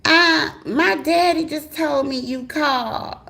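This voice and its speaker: Woman doing a shy nineteen-year-old girl, high and halting. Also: gravelly, pushed and bright, exaggerated voice. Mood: uneasy. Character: weepy 19-year-old girlfriend, young woman.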